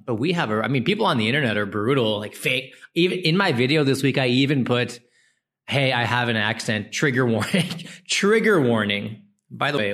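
A man's voice: medium pitch, fairly bright tone. Chatty joking Indian American man. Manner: chatty, jokey, self-deprecating asides. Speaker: podcast host. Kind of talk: casual solo podcast monologue.

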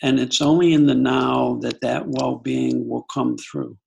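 A man's voice: mid-range voice, fairly even intonation, measured pace, creaky, a little mellow, slight background noise. A middle-aged man, a guest, telling a personal story in an earnest, reflective conversational way, often restarting his sentences.

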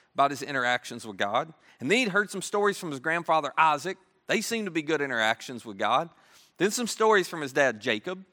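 A man's voice: a little high, bright, forceful tone, in a large hall. A man preaching a sermon, telling a story in a conversational, playful way with asides to the listeners. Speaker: pastor.

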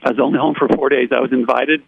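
Gravelly man telling his story by phone. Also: mid-range voice, quick pace, dry recording. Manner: animated, acts out quoted dialogue. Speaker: interview guest. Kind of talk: personal testimony storytelling. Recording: tinny dry phone line.

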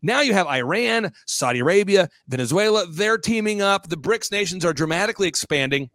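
A high-voiced man in his forties speaks as an interview guest in a dry, close recording. He is rapid and emphatic, packing his points with quips and little acted-out scenes. His energy stays pushed forward throughout. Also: lively intonation, fairly bright tone, no echo. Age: 40s. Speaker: guest commentator. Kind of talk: animated interview talk.

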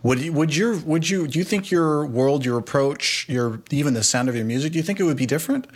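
A man who hosts the interview, asking measured, thoughtful questions. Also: a little high, animated. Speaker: podcast interviewer.

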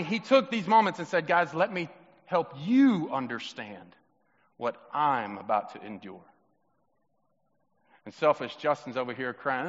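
Bright, fairly high-pitched male pastor delivering a sermon in a church whose long reverb rings after each phrase. He moves between loud, emphatic questions and quiet, hushed reflection, and he acts out the voices he quotes. The recording sounds a little muffled. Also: unhurried. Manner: acts out quoted voices of Jesus, children and himself. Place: church sanctuary.

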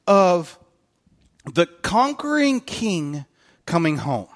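A man preaching a sermon as a pastor, animated and candid, with self-mocking humor and voices acted out in quotes. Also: sits high, takes it slowly, long pauses.

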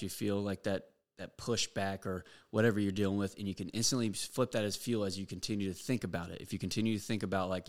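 A young man hosting a podcast, giving a blunt, profane motivational monologue full of fillers. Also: sits low. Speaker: podcast host.

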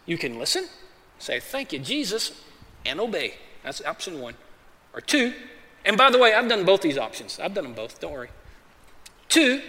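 A man with a high, light voice preaches a sermon in a casual, conversational style, calling his listeners "man" and slipping into quick acted voices. His voice rings out in a big church hall with a long reverb tail. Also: fairly bright tone. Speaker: pastor.

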